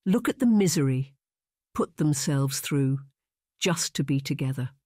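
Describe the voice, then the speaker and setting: A woman's voice: extremely low pitch, expressive, unhurried, mellow, no room sound, exaggerated voice. A slender, proud young girl from a period storybook, as the narrator puts her on, earnest and firm as she speaks up. Her voice is dry and close to the mic.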